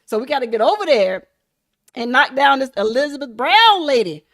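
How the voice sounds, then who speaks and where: A woman hosting a casual livestream, chatting and laughing with viewers in an animated, hyped-up way. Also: high-pitched, normal speed. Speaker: livestream host.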